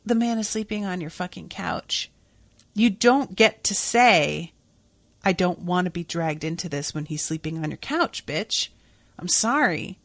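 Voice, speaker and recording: Woman podcaster recapping a show, talks slow and blunt, swears a lot, dry close sound. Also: medium pitch, a bit bright, no echo. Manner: chatty, blunt, swears freely. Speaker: podcast host. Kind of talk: casual episode recap.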